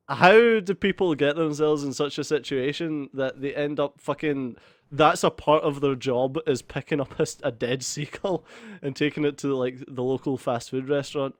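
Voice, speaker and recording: A man's voice: fairly high pitch, normal speed, dry recording. A young man hosting a let's play, telling a story in a casual, sweary way and laughing through it. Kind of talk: casual storytelling over gameplay.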